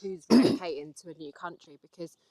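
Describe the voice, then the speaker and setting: A woman's voice: on the low side, lively intonation, quick pace, a crowd in the background. A young English woman vlogging with her husband in a casual chat, hesitant with many ums, explaining patiently. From England. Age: young adult.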